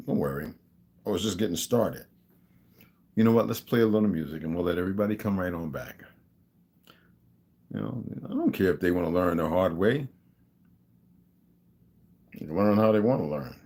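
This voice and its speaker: A man's voice: on the low side, animated, normal speed, long pauses, darkish tone. A man hosting a livestream, talking in a casual rambling monologue and acting out the people in his stories. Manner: storytelling, acting out quoted dialogue. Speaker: livestream host.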